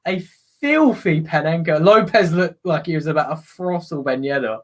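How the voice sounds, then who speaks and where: Excitable man commentating football live. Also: on the high side, moderate pace. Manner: excitable, bursts into loud commentary on goals. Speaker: watch-along host.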